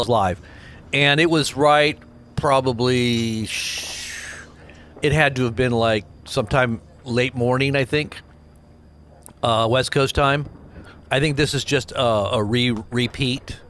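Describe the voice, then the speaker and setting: A man's voice: mid-range voice, a bit bright, slight background noise. A man hosting a casual livestream, rambling between scripture and videos and reading out viewer names with chuckles. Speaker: livestream host.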